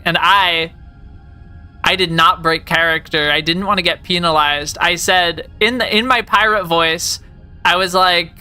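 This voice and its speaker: Bright, chatty woman streamer. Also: fairly low pitch, fairly even intonation, measured pace, clean tone, soft background music. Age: late 20s. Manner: rambling, jokey, heavy use of "like". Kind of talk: casual live-stream chat.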